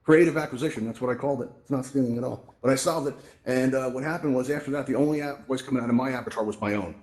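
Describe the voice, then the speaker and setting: A man talks quickly and casually, walking listeners through practical tips as if chatting with friends. He is folksy and direct, tossing in "right?" and "you know" as he goes, and sounds like he is speaking into a headset microphone. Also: mid-range voice, a little mellow. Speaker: presenter in a VR tech event. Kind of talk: casual instructional talk to a live audience. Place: virtual reality social space.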